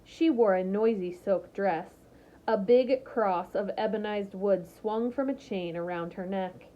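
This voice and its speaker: A woman narrates a novel aloud in a steady, expressive storytelling voice. Her pitch sits in an ordinary middle range. The recording is slightly muffled and lo-fi. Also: a little slow.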